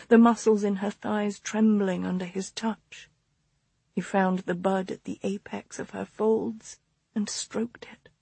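A woman reading a book aloud as a narrator, in a hushed delivery that often drops into whispers. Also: mid-range voice, husky, dry recording. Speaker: audiobook narrator. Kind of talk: scripted narration.

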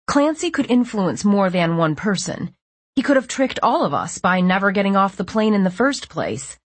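A woman's voice: medium pitch, sing-song, moderate pace, slightly rough, no echo. A woman narrating a first-person story in a tense, breathless storytelling manner on a close studio mic. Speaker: audiobook narrator.

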